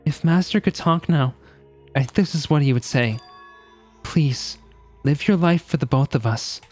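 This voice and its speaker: Man playing a gentle, analytical game AI, polite young male. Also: on the high side, measured pace, soft background music. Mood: earnest.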